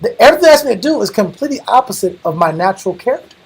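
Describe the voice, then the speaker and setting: A young man preaching a lively, slangy sermon, animated and calling the room bro. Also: high-pitched, rapid-fire, creaky, husky, low-quality recording. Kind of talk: lively street-style sermon.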